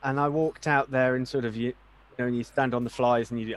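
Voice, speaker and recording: A man's voice: mid-range voice, steady tone, fast. Hesitant man recalling stories. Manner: hesitant, thinking aloud, wry. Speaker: actor, regular host. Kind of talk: casual podcast interview.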